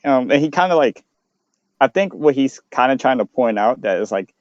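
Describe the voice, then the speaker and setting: A man's voice: medium pitch, lively intonation, normal speed, no room sound. A man playing a tabletop game, chatting hesitantly with many fillers, on a dull mic. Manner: hesitant, lots of likes. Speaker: player. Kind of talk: casual chat at a tabletop game.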